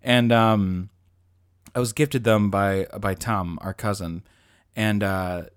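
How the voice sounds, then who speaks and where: A man co-hosting a podcast in casual chat, telling stories animatedly, laughing often and slipping into squeaky put-on voices. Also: steady tone, slow, smooth, no echo, clean studio sound. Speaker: podcast co-host.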